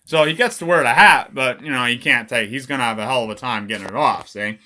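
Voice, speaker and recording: A man casually reading his own dark comic aloud, irreverent and swearing, chuckling between lines. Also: medium pitch, fast talker, hardly any pauses.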